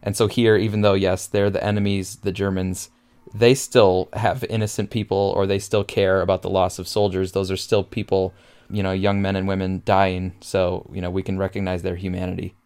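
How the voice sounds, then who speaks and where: A man's voice: deep voice, flat delivery, normal speed, darkish tone, smooth. A man casually discussing a film, thoughtful and reflective, with frequent fillers. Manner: thoughtful, uses fillers like "like" and "you know".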